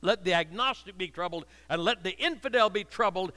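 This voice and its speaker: A man's voice: sits high, brisk, hardly any pauses, bright, forceful tone. An older man preaching a sermon with impassioned, repetitive cadences, heard with long reverb in a hall.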